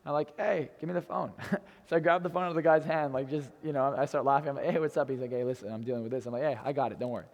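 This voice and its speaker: A man's voice: medium pitch, fairly even intonation, racing, big-room sound. A young man in his twenties telling a brash, swearing personal story to an audience in a hotel event room. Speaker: motivational speaker.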